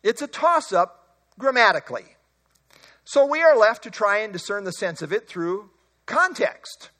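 A man preaching an expository sermon, emphatic, slowing and rising on key words. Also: sits high, very animated, sharp tone.

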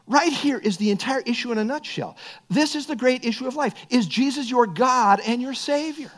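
A man's voice: extremely high pitch, moderate pace. A middle-aged man preaching a sermon as pastor, earnest and building to emphatic bursts.

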